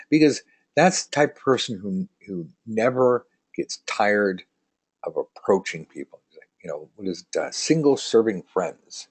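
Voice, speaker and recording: A man's voice: fairly low pitch, expressive, normal speed, breathy edge. A man teaching tarot in a casual live online lesson, chatty and joking, reading out viewer comments as he rambles along.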